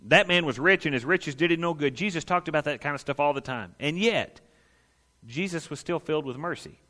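A man's voice: fairly high pitch, fairly quick, bright, forceful tone. Folksy preacher man. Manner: folksy, asks the congregation questions, acts out quotes. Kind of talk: conversational sermon.

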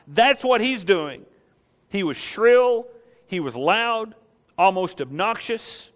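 Animated preacher in a reverberant hall. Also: male voice, high voice, takes it slowly. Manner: animated, rhetorical questions, acts out the scene. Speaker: pastor. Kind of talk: sermon.

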